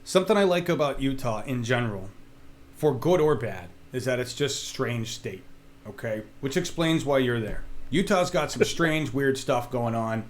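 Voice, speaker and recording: A man co-hosting a casual web show, talking in an animated, jokey and opinionated way. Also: medium pitch, moderate pace, slight background noise. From Oregon. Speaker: show co-host.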